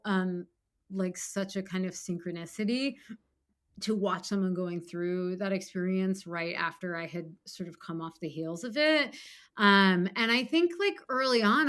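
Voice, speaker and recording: Her mid-range voice has a slightly bright quality as the middle-aged author chats casually in an interview. "Like" crops up constantly, and in short bursts she voices what's going on in her head.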